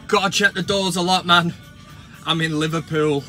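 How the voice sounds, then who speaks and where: A high-pitched man rants about football with sweary, mocking glee. His voice is bright and forceful. Faint music plays under his talk. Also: fairly even intonation, normal speed. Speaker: vlog host. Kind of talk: casual comedic football rant.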